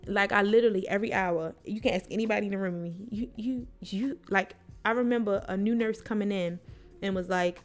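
Frank and foul-mouthed, a young woman with a mid-range voice shares a personal story on the podcast she co-hosts. She quotes the nurses and herself through quick impressions, with faint music playing underneath.

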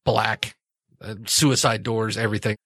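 A man's voice: lowish voice, fairly even intonation, a little slow, a bit bright, slightly rough, no room sound. A man narrating a tabletop role-playing game as game master, in a casual and hesitant way.

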